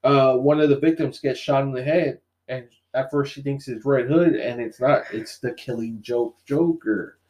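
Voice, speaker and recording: A man's voice: medium pitch, normal speed, hardly any pauses. A man in casual conversation, eagerly retelling a story with lots of "you know" and "like". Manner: animated retelling with many fillers. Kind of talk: casual comic book discussion.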